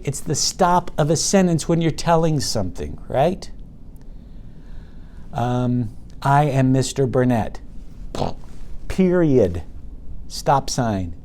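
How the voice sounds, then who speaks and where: Man, teacher, young children's reading lesson, slow, patient, sing-song, drawn-out words. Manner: bursts loud and high when excited.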